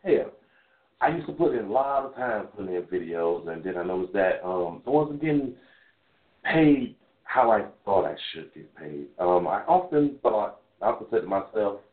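A man's voice: lowish voice, animated, moderate pace. Thirties male host, casual call-in radio monologue, candid and profane, phone-line sound with echo. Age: 30s. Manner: loose, rambling, candid and profane. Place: in a car while driving. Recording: tinny phone line, echoey.

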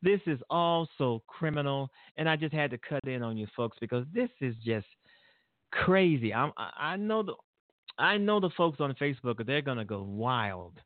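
A man's voice: mid-range voice, animated, normal speed, no room sound. Indignant man ranting on a tinny line. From Illinois, USA. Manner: indignant, laughing, rambling with restarts. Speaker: show host. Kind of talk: solo political commentary. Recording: dry tinny phone-like sound.

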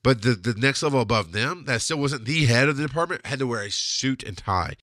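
A man's voice: mid-range voice, expressive, brisk, fairly bright tone, dry recording, clean studio sound. A man hosting a podcast, delivering a blunt, heated, profane solo rant. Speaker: podcast host. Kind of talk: ranting solo monologue.

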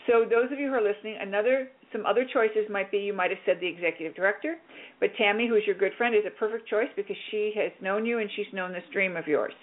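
A woman hosting a radio show, coaching a caller with lively, directive talk and acting out little scenes. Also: medium pitch, quick pace, narrow, tinny audio. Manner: directive and animated, plays out scenes. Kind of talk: on-air coaching chat.

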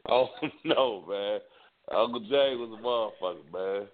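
A man co-hosting a casual comedy radio chat, telling stories and acting out voices. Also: fairly low pitch. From Indianapolis. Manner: storytelling, acts out voices in quotes. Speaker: co-host. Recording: lo-fi phone-like radio sound.

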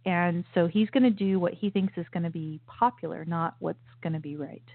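A woman's voice: on the low side, brisk. Opinionated woman host on a tinny line. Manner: opinionated, emphatic, many restarts and asides. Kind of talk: political commentary show. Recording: tinny phone-like sound, dry.

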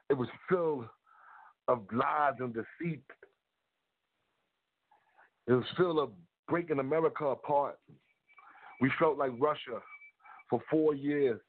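Excited man, casual vlog monologue, shout-outs, thin lo-fi sound. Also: mid-range voice. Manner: hyped, repetitive shout-outs. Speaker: video blogger. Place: New York. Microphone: close to a mic.

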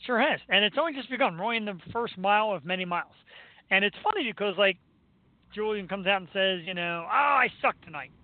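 High-voiced Philly radio host, tinny. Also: male voice, fast, no echo. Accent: Philadelphia. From Philadelphia. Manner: excitable, rambling, laughs often. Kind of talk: casual chat.

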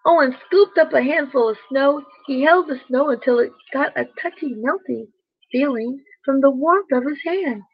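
A woman reading a bedtime story aloud, gently speaking to the children listening. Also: sits high, no echo, muffled recording. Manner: slow, gentle, addresses children directly.

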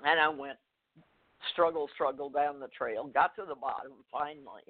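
An older woman, a guest author, telling a personal story in a phone interview, halting, with fillers, restarts and soft laughs. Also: deep voice. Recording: tinny phone line.

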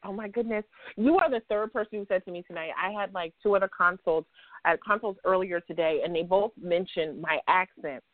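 A woman with a New York accent hosting a casual interview, playful and teasing, telling stories with lively asides. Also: fairly low pitch, fairly quick, dry recording. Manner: playful, teasing, animated storyteller. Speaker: podcast host. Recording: dry, phone-like line.

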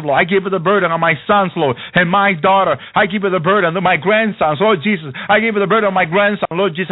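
Male preacher with a fairly high voice, repetitive exhortation full of hallelujahs, phone-like radio sound. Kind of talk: sermon.

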